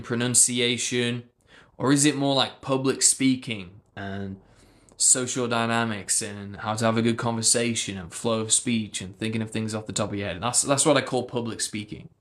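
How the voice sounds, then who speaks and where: A man's voice: mid-range voice, a bit bright. Man, speech coach, casual livestream chat, loose and chatty, lots of fillers. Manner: chatty, loose, fillers, answers viewer comments.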